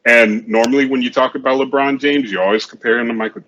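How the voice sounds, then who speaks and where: A man's voice: medium pitch, fairly even intonation, fast, a bit bright, muffled recording. A man co-hosting a casual sports chat show, rambling and often repeating himself. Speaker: podcast co-host.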